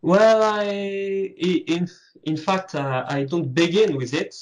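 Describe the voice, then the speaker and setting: A man with a French accent, a French native speaker, answering as an interview guest and pausing to search for English words. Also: high voice, low-quality recording. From France. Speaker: guest, comic artist.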